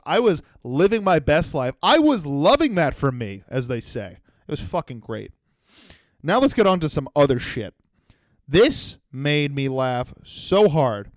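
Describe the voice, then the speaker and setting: Medium in pitch and captured with no echo, this twenty-something man is the host of a solo comedy podcast, spinning rambling stories full of profanity.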